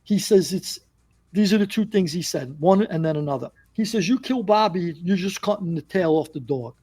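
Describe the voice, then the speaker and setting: A man's voice: high voice, normal speed, slightly rough. A man telling a long story as a podcast guest, acting out what people said. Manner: animated storyteller, acts out quotes. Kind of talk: casual storytelling.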